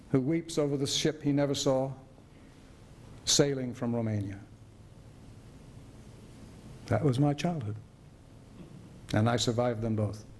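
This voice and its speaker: An older man giving a dramatic reading of a play, voicing a sardonic middle-aged male writer who tells a bitter story. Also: a little high. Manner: wry storyteller, biting.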